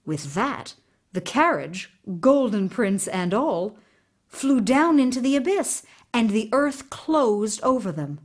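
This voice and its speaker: Slow, expressive woman reading a fairy tale. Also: a little high. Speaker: storyteller. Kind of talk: read-aloud fairy tale narration.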